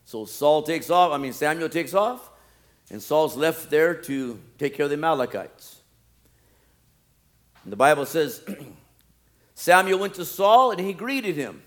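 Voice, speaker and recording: A man delivers a sermon in a slightly high voice. He swings from loud, pleading reenactments of scripture to low, wry asides aimed at the congregation. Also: big pitch swings, a little slow, long pauses. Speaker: preacher.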